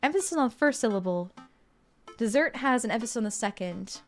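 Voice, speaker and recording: A woman's voice: fairly high pitch, expressive, fast talker, faint music behind. A young adult woman streaming a video game, chatting casually and playfully while reading the game's text aloud. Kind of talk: casual game playthrough commentary.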